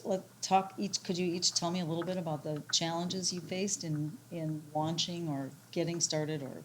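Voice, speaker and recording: A woman moderating a panel, asking a question in a halting way. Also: lowish voice, fairly even intonation, a little hiss or hum.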